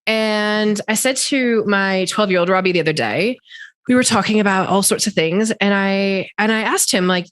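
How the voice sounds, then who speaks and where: A woman's voice: mid-range voice, normal speed, no room sound. A middle-aged woman hosting a podcast, telling stories in an enthusiastic, chatty way with frequent laughs. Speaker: podcast host. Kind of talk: casual podcast conversation.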